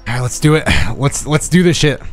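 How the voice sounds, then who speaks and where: A young man streaming a video game, talking to himself in excitable, profane commentary. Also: on the high side, brisk, soft background music. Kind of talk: casual gameplay commentary.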